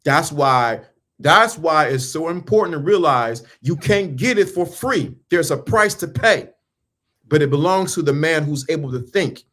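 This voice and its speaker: A man's voice: on the high side, lively intonation, a little slow, a bit bright. A man giving a motivational talk about mindset and dating, in emphatic, repetitive, preaching style with casual slang and questions thrown at the listener. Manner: emphatic, repeats lines, asks the listener questions.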